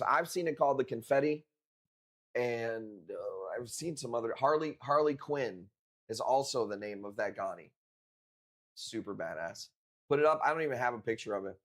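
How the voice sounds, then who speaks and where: A man hosts a live coral sale. He talks in a laid-back, unhurried way, swears often and leans on street slang, with his voice sitting at an ordinary middle pitch. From Chicago. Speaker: live-stream coral seller. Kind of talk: casual live-stream chat.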